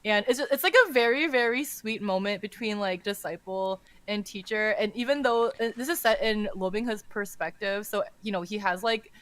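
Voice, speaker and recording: A young adult woman co-hosting a podcast, retelling a story in casual chat that is animated and full of "like" and swearing. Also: mid-range voice, normal speed, few pauses, no room sound. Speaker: podcast co-host.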